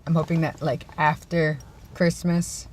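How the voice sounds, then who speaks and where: A vlogger from the East Coast of Canada, chatting casually in a parked car while cold and tired, wandering between chatty remarks and hushed mumbled asides. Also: medium pitch, level tone, measured pace. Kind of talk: casual vlog chat. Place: inside a parked car in winter.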